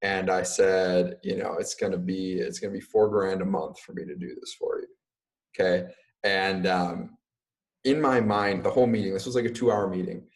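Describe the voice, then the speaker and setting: Low-voiced casual young man. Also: fairly even intonation, moderate pace. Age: young adult. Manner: casual, filler-heavy, uses "like" often. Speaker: guest. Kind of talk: casual interview talk.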